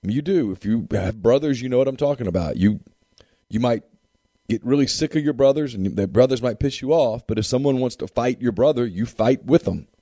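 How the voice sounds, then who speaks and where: A man's voice: medium pitch, animated, fairly quick, dark tone, no echo, clean studio sound. A man co-hosting a casual sports talk show with an emphatic, repetitive way of making his points. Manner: emphatic, repeats phrases for effect.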